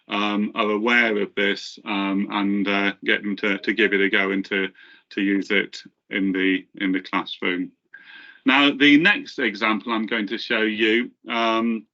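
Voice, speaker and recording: Bright-voiced man presenting a webinar. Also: mid-range voice, muffled recording. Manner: halting, many fillers and restarts. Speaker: presenter from the software team.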